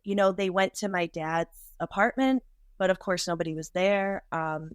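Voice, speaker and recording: A woman in her thirties, a podcast guest, telling a deeply emotional personal story in a halting way, with many restarts. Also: smooth, no room sound.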